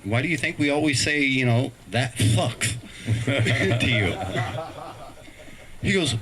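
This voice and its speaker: Middle-aged male comic, lively pitch, spins family stories with put-on voices, faint hiss behind. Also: slow pace, long pauses, poor audio. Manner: animated storytelling, acts out voices. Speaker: stand-up comedian. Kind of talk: stand-up set on a live stream.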